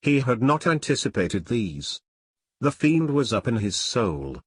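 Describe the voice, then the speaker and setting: A man narrates an old melodrama as a dramatic audiobook, his voice steady, measured and slightly rough. His pitch is mid-range, and the recording is close and dry, without any room echo.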